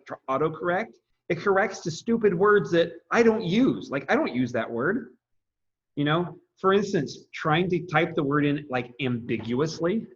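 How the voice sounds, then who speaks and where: A man's voice: on the high side, lo-fi sound. Casual man teaching a classroom lecture. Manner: casual, thinks aloud with fillers and restarts.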